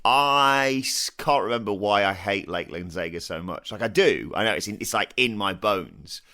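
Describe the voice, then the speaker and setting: A man's voice: lowish voice, normal speed, clear, resonant tone. A man, a player, telling jokey stories in casual podcast chat. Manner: animated, jokey storyteller.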